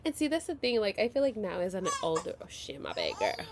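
Woman in her 30s spilling a story to the camera, dramatic, swears a lot, whispers sometimes, mid-pitched voice. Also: brisk, vocal fry. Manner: animated, dramatic, profane, drops into whispers. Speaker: vlogger telling a story. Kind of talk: casual storytime chat.

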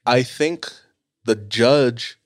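A man co-hosting a casual podcast, telling a story in a relaxed, hedging way and laughing often. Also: medium pitch, very slow, no echo, clean studio sound. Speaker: podcast co-host.

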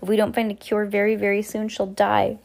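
A woman's voice: medium pitch, monotone, fairly quick, vocal fry, a little mellow, pitched above the performer's own voice, natural voice. A woman reading the part of an earnest, frightened teenage girl in a storybook. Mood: urgent. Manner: urgent, earnest.

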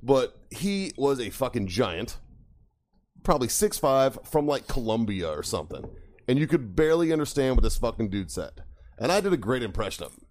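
A man's voice: medium pitch, big pitch swings, normal speed, darkish tone. A man in his thirties hosting a podcast, telling profane stories with plenty of laughter. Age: 30s. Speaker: podcast host. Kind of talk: casual storytelling.

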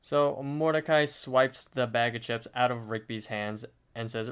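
A man's voice: mid-range voice, measured pace, fairly bright tone, clear, resonant tone. A man co-hosting a podcast, narrating a cartoon episode in detail with casual fillers. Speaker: podcast co-host.

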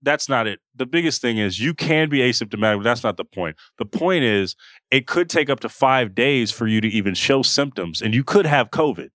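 A young man co-hosting a sports podcast, talking fast and heated, often restarting his sentences. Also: mid-range voice, expressive, a bit bright, no echo. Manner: impassioned, ranting with many restarts. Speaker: podcast co-host. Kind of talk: casual sports chat.

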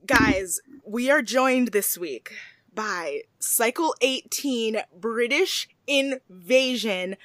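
American woman co-host, giggly and animated, bright pitch, dry close sound. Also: very slow, no echo. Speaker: podcast co-host. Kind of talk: casual chat.

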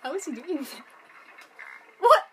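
A woman co-hosting a podcast, chatting casually and dropping quick trivia while watching an episode. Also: extremely high pitch, big pitch swings, fairly bright tone, a little hiss or hum, low-quality recording. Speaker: podcast co-host.

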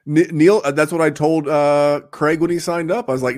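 A man hosting a fantasy football podcast, chatting casually and upbeat, rambling a little as he gives shout-outs and plugs. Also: fairly high pitch, steady tone, normal speed. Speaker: podcast host.

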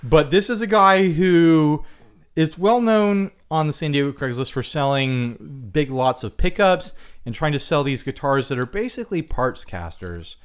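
A man's voice: fairly high pitch, lively intonation, measured pace, clear, resonant tone. A man co-hosting a podcast in casual chat, joking and teasing his friend. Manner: joking, teasing, mock-indignant. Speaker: podcast co-host.

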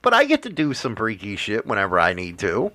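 A man's voice: lowish voice, huge pitch swings, brisk, pushed and bright, no room sound. A man co-hosting a podcast, trading crude jokes and teasing in casual chat. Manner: crude joking banter; playful teasing. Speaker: podcast co-host.

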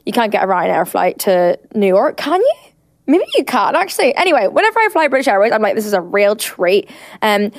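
A woman's voice: mid-range voice, dry recording. Chatty Irish woman, dry close sound. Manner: chatty, swearing, lots of fillers. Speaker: podcast host. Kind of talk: casual chat.

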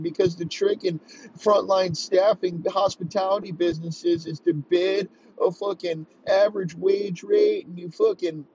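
A man's voice: a little high, moderate pace, darkish tone. Profane ranting man, muffled recording. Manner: crude, mocking, swears constantly. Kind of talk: profane comedic rant. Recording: slightly muffled lo-fi recording, faint background noise.

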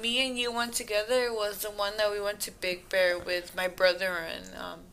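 Bright-voiced woman telling a story. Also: mid-range voice, moderate pace, a little hiss or hum. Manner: animated storytelling, swearing. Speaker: friend in group chat. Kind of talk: casual chat.

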